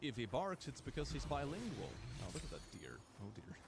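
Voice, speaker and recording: A young man riffing on clips during a stream, reading posts aloud with a joking edge. His middle-pitched voice swings widely as he reacts. A faint hiss runs under the recording. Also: brisk. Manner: animated, jokey, reads posts aloud. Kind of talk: casual reaction commentary.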